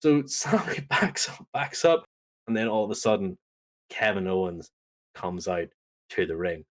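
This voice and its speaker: Animated man retelling a story. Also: sits low, a little slow. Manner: animated storyteller, acts out quotes. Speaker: podcast co-host. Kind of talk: casual wrestling recap chat.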